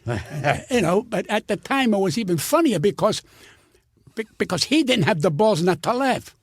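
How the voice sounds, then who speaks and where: A man's voice: high-pitched, sing-song, moderate pace, breathy edge, no room sound. An older man, a comedian guest, telling stories in an indignant, profane, stammering rant. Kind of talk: ranting storytelling.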